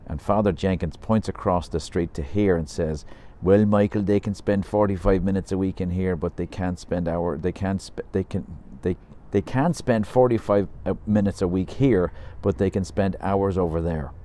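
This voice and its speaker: A man's voice: low-pitched, fairly even intonation, normal speed, hardly any pauses, dark tone, natural voice. A man voicing a chatty pub regular who rambles through a long story with wry humor.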